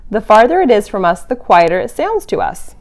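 A woman voicing a patient, knowing bat who calmly explains things, while reading a picture book aloud. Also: mid-range voice, a little fast. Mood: explaining.

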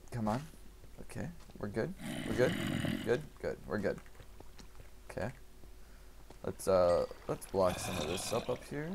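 A man commentating his own gameplay, talking to himself and swinging from quiet mutters to excited shouts. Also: fairly low pitch, vocal fry, a little hiss or hum. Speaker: gaming youtuber.

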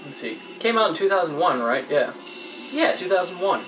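A man's voice: high voice, very animated, a little fast, music in the background, poor audio. A young man giving casual, goofy gameplay commentary, joking sarcastically and talking back to the characters on screen. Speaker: let's play gamer. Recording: home mic with noticeable hiss.

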